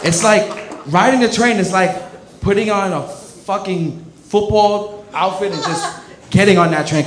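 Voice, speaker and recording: A young man doing a stand-up set, telling rambling stories full of fillers. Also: high-pitched. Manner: rambling, filler-heavy storytelling. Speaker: stand-up comedian. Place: comedy club stage. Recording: echoey club room with crowd. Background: audience laughter.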